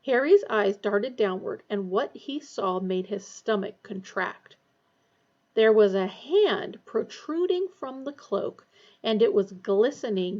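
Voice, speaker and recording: Lo-fi woman reading a story aloud. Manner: lively character voices, raised pitch for dialogue. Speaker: audiobook reader. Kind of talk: reading a novel aloud, voicing characters. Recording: dull lo-fi recording.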